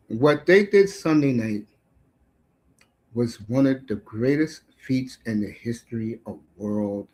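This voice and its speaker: A man's voice: medium pitch, low-quality recording. Brash profane middle-aged man ranting. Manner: brash, profane, swinging between shouts and mutters. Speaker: sports talk show host. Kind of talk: casual sports rant.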